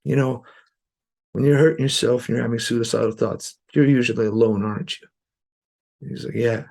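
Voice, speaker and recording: A man's voice: medium pitch, steady tone, moderate pace, creaky, darkish tone. A man who is a podcast guest and musician, telling earnest stories in loose conversation, filled with "you know". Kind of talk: conversational storytelling.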